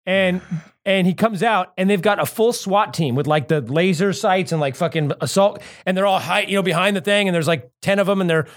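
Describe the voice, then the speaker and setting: A man in casual chat, telling stories in an animated way and swearing a lot. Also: sits high, fairly quick.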